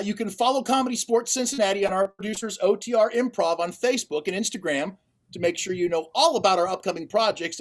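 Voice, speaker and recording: A man refereeing an online improv comedy match, chatty and quick to rule on the jokes, speaking over a video call. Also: sits high. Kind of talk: casual show hosting.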